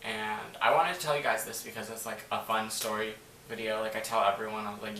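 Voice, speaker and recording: A man's voice: fairly low pitch, steady tone, fairly quick, vocal fry, pushed and bright. A man telling a story to camera in a casual, rambling way, full of "like" and swearing. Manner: rambling, filler-heavy, swears freely. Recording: echoey room, voice from a distance, faint noise.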